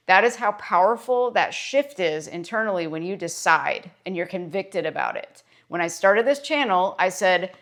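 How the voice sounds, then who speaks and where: A woman's voice: on the low side, expressive, moderate pace, few pauses, a bit bright. A woman, a social worker, speaking straight to camera in a self-made motivational video. She talks earnestly and with emphasis, repeating her phrases to drive each point home. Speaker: licensed clinical social worker and mindset vlogger.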